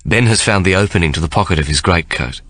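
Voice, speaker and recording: A man reading a novel aloud as an audiobook narrator, measured and expressive. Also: low-pitched, dry recording, clean studio sound. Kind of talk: scripted narration.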